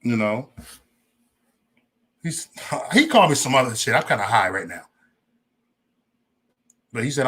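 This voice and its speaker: Male livestream host, lively pitch, rambling and foul-mouthed, casual chat with viewers. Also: a little slow, pauses often, husky. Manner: profane, loose and rambling, talks straight to chat.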